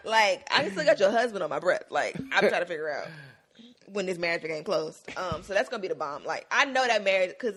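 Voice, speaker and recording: Female podcast co-host, lively pitch, slangy, laughing storyteller. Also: fairly quick, breathy edge. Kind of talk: casual TV recap chat.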